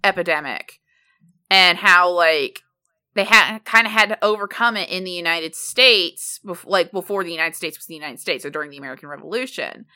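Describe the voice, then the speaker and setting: A woman co-hosting a casual podcast chat, talking with constant "like" fillers and quick asides. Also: fairly low pitch, sharp tone, smooth. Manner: chatty, leans heavily on "like", quick asides. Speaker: podcast co-host.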